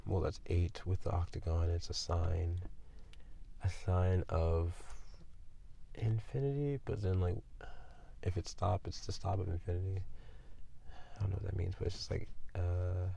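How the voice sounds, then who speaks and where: A man with a very low, gravelly voice talks his way through a tarot reading. He rambles and thinks aloud, full of ums and likes. His tone is dark and mellow. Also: a little slow, pauses often, slight background noise. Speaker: tarot reader.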